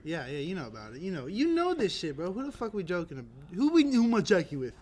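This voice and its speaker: A man's voice: high-pitched, wildly swooping pitch, fast, darkish tone. A young man co-hosting a podcast, in casual, crude banter that is profane and full of jokes. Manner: joking, profane, laughs often. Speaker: podcast co-host.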